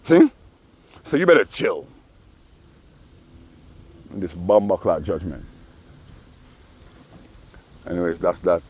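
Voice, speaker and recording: A man's voice: low-pitched, a little mellow, a little hiss or hum. A man telling profane, rambling stories full of asides in a personal vlog. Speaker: vlogger.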